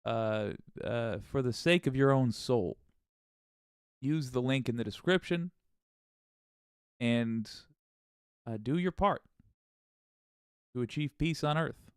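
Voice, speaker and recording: A man's voice: mid-range voice, slow pace, long pauses, smooth, dry recording, clean studio sound. A man hosting a casual live stream, greeting his viewers by name in an upbeat way and often restarting his sentences. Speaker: livestream host.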